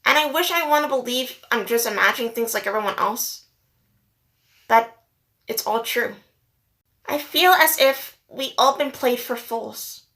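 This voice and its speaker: A woman's voice: on the high side, measured pace, pauses often, fairly bright tone. A woman speaking earnestly and upset in a personal vlog, holding back tears and repeating herself for emphasis. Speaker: vlogger. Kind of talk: emotional personal rant to camera.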